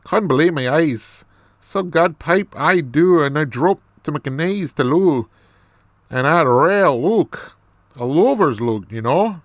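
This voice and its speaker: A man reading a novel aloud, putting on a rough Irish accent for a boastful recovering drinker who talks in thick dialect. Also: a little high, animated, slow pace, dry recording, clean studio sound. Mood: awed. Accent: attempted Irish. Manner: thick dialect, storytelling brag. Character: gruff older male recovering drinker, boastful.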